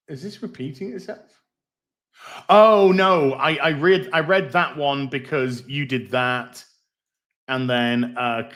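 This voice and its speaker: Rambling, swearing streamer. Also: male voice, mid-range voice, fairly bright tone. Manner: rambling, swears freely, reads out donations. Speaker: livestream host. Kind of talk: casual livestream chat.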